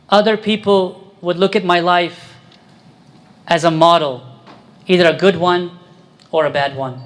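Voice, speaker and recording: A man preaching a sermon as a priest, quizzing his congregation and pressing his points with emphasis. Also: high-pitched.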